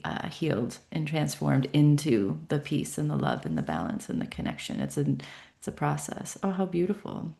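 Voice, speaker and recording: A woman hosting a spiritual session, talking gently and reading listener comments aloud. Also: sits low, gravelly. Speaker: host of a meditation show.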